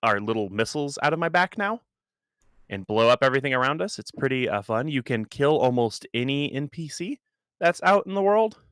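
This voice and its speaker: A man chats casually on a podcast with easygoing, deadpan quips. His voice is bright and smooth and moves a lot in pitch, recorded dry and close. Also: a little fast, dry recording. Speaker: podcast co-host. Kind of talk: casual chat.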